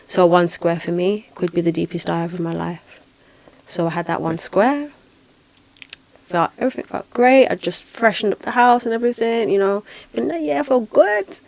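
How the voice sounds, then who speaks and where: A woman hosting a podcast, telling a spiritual experience in a lively, dramatic way with repeated phrases. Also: medium pitch, normal speed, vocal fry, no echo. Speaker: podcast host and spiritual healer. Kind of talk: casual podcast storytelling.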